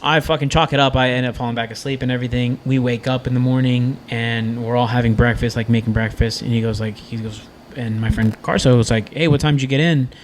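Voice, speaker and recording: A man's voice: medium pitch, level tone, fast talker, slight background noise. A young man on a podcast, telling stories casually and animatedly, swearing a lot and acting out the people in them. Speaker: podcast guest.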